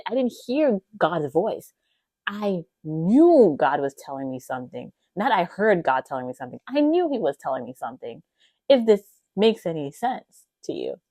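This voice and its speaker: Hosting her podcast, a low-voiced woman recounts her testimony of faith with real emotion and animation. Gasps and plenty of casual filler words run through her telling, captured in a dry recording.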